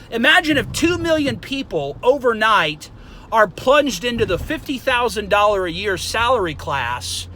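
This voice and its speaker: A man vlogging an angry, profane rant, flaring up heatedly and then calming down. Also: high-pitched, a little hiss or hum, rough recording. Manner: profane, heated ranting that flares up and then calms.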